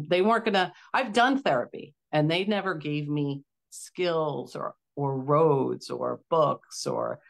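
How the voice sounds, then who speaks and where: This is a middle-aged woman with a low, grounded voice, sharing her own story as a client guest. She talks with real enthusiasm and often acts out what others said to her in little put-on voices. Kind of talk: candid testimonial chat.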